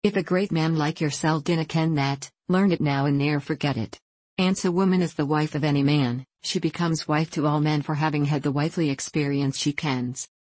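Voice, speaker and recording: Woman playing a scottish farm wife, slow broad dialect, lowish voice. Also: steady tone, a little mellow, no echo. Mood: tender. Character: older Scottish farm wife, warm and motherly.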